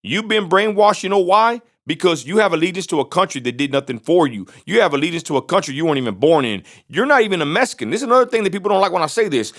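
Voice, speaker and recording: A man's voice: on the high side, a bit bright. A man from Texas, ranting bluntly in a vlog and repeating himself for emphasis. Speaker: vlogger.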